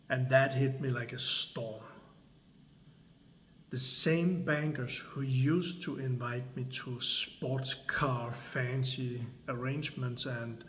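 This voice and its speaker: A man, telling a personal story slowly and deliberately, with long pauses between phrases. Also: mid-range voice, a bit bright. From Denmark. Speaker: creator and coach. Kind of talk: slow dramatic storytelling.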